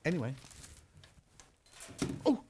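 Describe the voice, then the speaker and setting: A man's voice: slow, very noisy. A middle-aged man presenting fabrics on a live shopping show, chatty and teasing. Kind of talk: live sales presentation with chat.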